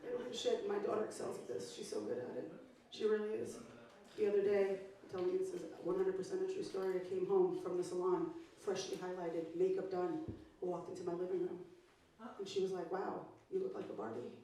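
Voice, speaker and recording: A woman's voice: fairly low pitch, quick pace, dark tone. A woman comedian performing a stand-up set, with a brash, profane, punchy delivery. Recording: echoey club sound from far off.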